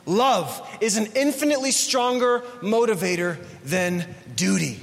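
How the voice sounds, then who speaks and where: A man's voice: high voice, expressive, measured pace, gravelly, long reverb tail. A man preaching a sermon as a pastor, in a conversational, emphatic way, often repeating his phrases.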